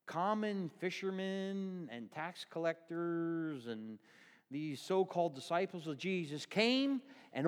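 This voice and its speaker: A male pastor voicing scheming religious elders who bribe the guards, low and conspiratorial. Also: long reverb tail.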